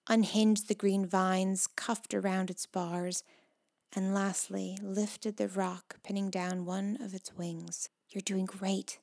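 A woman narrates a children's storybook with lively expression. She sinks into soft whispers for tense, quiet moments and rises into bright, louder reading when the action picks up. Her voice sits at an ordinary middle pitch for a woman. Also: takes it slowly, vocal fry. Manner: expressive, shifts between hushed whispers and loud excited calls.

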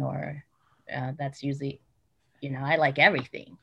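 Woman with a low voice, explaining her point, kinda lecturing but casual. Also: steady tone, fairly quick, fairly bright tone, lo-fi sound. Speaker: interview guest. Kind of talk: casual conversation. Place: Utah.

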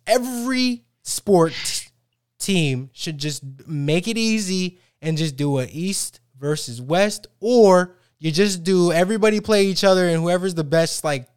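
A man's voice: on the high side, a little slow, few pauses, clear, resonant tone, no echo, clean studio sound. A man co-hosting a sports podcast, ranting about football with lots of restarts and tangents. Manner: animated, ranting, many restarts. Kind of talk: casual sports banter.

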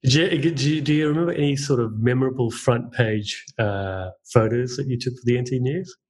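A man's voice: mid-range voice, a little fast, a little mellow, husky. A man hosting a casual interview, asking questions and giving short agreeing replies. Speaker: interviewer host.

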